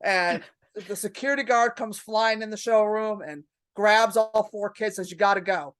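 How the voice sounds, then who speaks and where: A woman's voice: medium pitch, measured pace, clear, resonant tone. A woman in her fifties, a comedian guest on a podcast, telling stories in a brash, profane, casual way.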